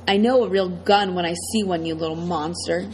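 A woman's voice: fairly low pitch, fairly quick, darkish tone, slight background noise, lightly acted. Casting: woman voicing a big brutish villain, sneering and threatening. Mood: menacing. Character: menacing brutal grown man villain. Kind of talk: audiobook character voice.

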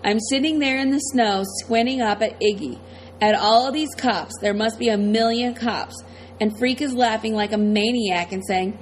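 A woman's voice: medium pitch, moderate pace, slight background noise, low-quality recording. Woman narrating a tense story. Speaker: audiobook narrator. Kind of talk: first-person scripted narration.

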